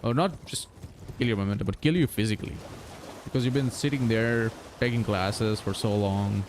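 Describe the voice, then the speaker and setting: A man's voice: fairly low pitch, moderate pace, background noise. A young man in his twenties streaming a game, chatting casually with viewers, swearing freely and laughing often. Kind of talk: casual chat with stream viewers while gaming.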